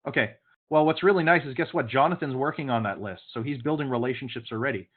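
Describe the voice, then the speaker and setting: A man's voice: mid-range voice, fast. Male sales trainer, direct and occasionally scolding, over a tinny call line. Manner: coaching, direct, sometimes stern. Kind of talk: online training session. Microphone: video call. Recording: phone-like video call audio.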